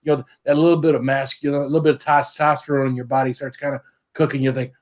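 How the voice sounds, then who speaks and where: A man's voice: medium pitch, little pitch movement, fast. A man in casual chat, rambling and hesitant, with lots of fillers.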